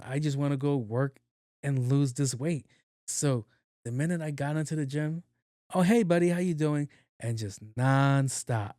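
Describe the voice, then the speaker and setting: A man's voice: mid-range voice, no echo, clean studio sound. Profane joking male podcast host. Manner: profane, loose and animated, acting out quotes. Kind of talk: comedic storytelling monologue.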